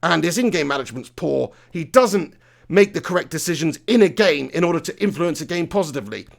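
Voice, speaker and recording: A man's voice: on the high side, lively intonation, a little fast, gravelly. A young man hosting a live football reaction rant, swearing and firing off rhetorical questions. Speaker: football fan channel host.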